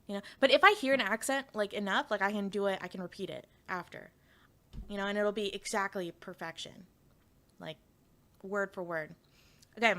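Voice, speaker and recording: A woman chats casually on a live stream, rambling and giggling as she talks. Her speech is full of fillers and restarts, and her voice sits at a middle pitch for a woman. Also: normal speed, pauses often, sharp tone.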